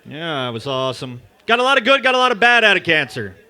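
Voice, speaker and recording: A man doing a crude, loud stand-up comedy set at an open mic in a bar. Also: on the high side, very animated, fast talker, some chatter behind. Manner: crude, loud, jokey storytelling. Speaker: stand-up comic.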